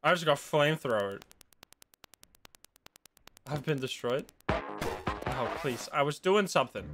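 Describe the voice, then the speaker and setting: A young man live-streaming a game, excitable, yelping and shouting whenever things go wrong. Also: on the high side, slow pace, long pauses, music in the background. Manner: excitable, yelps and shouts at setbacks. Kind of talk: live gameplay commentary.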